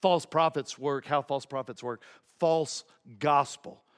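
A male pastor preaching a sermon, emphatic, repeating key phrases and swinging between low asides and raised points. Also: steady tone, slow, a bit bright, clear, resonant tone.

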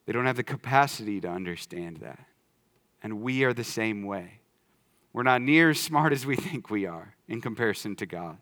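A male pastor preaches in a church sanctuary at a moderate pace, talking conversationally. His delivery moves between hushed, low-key emphasis and loud, excited bursts.

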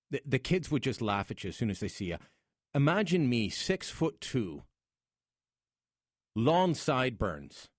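A man's voice: medium pitch, dry recording, studio quality. A middle-aged Canadian man hosting a radio show, telling a personal story with wry humor in a casual on-air monologue. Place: radio studio.

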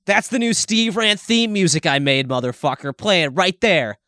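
A man's voice: sits high, normal speed, bright, forceful tone, dry recording, studio quality. A young man co-hosting a podcast, chatting casually, swearing a lot and breaking into little sung jingles. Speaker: podcast co-host. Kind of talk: casual chat.

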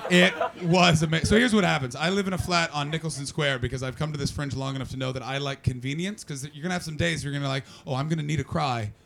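Fast and with few pauses, a man with a fairly high voice and vocal fry does stand-up in a comedy club cellar. He brashly teases the crowd and tells profane, animated stories.

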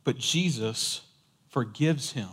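A man preaching a sermon in a casual, animated storytelling way. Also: mid-range voice, slow, slightly rough.

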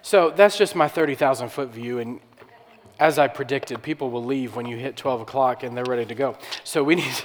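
A man's voice: medium pitch, fairly quick. Man preaching in a reverberant hall. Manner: conversational preaching with restarts, rhetorical questions. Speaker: pastor. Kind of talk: sermon.

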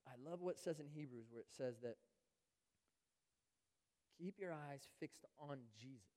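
A man preaching in a church sanctuary, his voice sitting a little high for a man. He is earnest, pushing louder on key phrases and sinking to near-whispers on others, and now and then he acts out the voices of churchgoers. A long reverb from the hall trails each phrase. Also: moderate pace. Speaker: pastor. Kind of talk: sermon.

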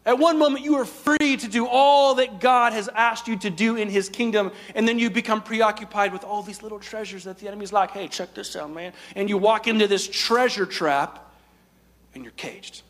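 A man preaching a sermon in a high, lifted voice. He swings between loud emphatic lines and quiet, hushed asides. His voice carries a long hall reverb. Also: moderate pace. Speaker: pastor.

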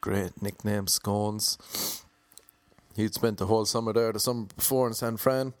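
An Irish man telling a rambling, jokey anecdote in a casual way, now and then slipping into quick mock voices for the people in it. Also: fairly low pitch, fairly even intonation, no echo. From Ireland. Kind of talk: casual comedic storytelling.

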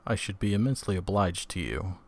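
A man's voice: deep voice, a little fast. A man reading the lines of a shaken, pale young engineer who speaks politely and formally.

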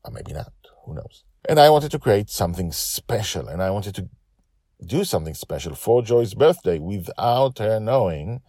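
A man's voice: on the low side, sing-song, moderate pace, warm tone, husky, no room sound, studio quality. A man hosting and narrating his own storytelling podcast in a chatty way, repeating words for emphasis. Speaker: podcast host and author.

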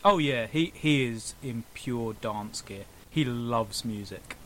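A man's voice: mid-range voice, slow, fairly bright tone, rough recording. A man narrating an improvised comedy story for a friend, often laughing at his own silliness. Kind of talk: improvised comedy podcast chat.

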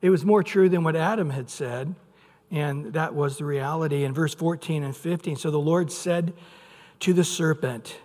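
A male pastor preaches in a fairly high voice, lively and expressive, dropping low and rising loud as he acts out his points. A long reverb trails his words, as in a large hall. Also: moderate pace. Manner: lively delivery, acting out quotes with shifting loudness. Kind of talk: sermon.

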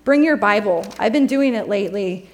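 A woman's voice: mid-range voice, animated, normal speed. A young woman delivers a sermon in a loose, conversational storytelling style. She drifts through personal anecdotes with plenty of "um"s and restarts before easing into scripture. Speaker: preacher.

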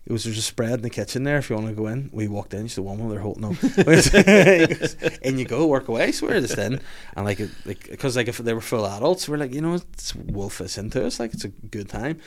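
Guy on a podcast, talks really fast, swears loads, keeps laughing. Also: mid-range voice, lively intonation, a little hiss or hum. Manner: swears a lot, laughs while telling stories. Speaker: podcast host. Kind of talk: casual storytelling chat.

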